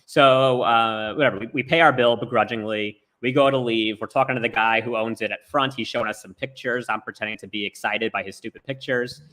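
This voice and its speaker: A man's voice: mid-range voice, steady tone, a little fast, hardly any pauses, sharp tone. A man rambling through a story in casual chat over a remote call, with lots of "like" fillers. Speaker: storyteller on a talk show. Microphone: remote video call.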